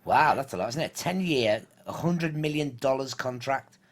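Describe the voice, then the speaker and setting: A man's voice: medium pitch, lively intonation, moderate pace. Chatty man, joking storyteller. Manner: chatty, jokey storytelling with put-on voices. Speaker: podcast co-host. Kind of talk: casual chat.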